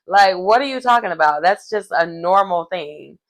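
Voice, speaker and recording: A woman's voice: fairly low pitch, lively intonation, normal speed. A woman giving casual recap commentary on a reality TV episode, chatty and slangy with wry asides.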